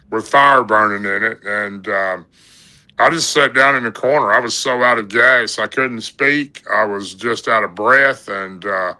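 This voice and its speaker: A man with a drawl spins a long story in a loose, folksy way, stringing his sentences together with "and, uh". His voice is strikingly bright and forceful, sitting at an ordinary male pitch. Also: low-quality recording. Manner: rambling, folksy, lots of "and, uh". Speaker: podcast guest telling an encounter story. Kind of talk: casual storytelling.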